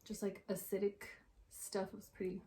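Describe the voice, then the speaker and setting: A woman's voice: medium pitch, level tone, normal speed, warm tone. A young adult woman chatting casually as a vlogger, with lots of filler words. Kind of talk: casual chat.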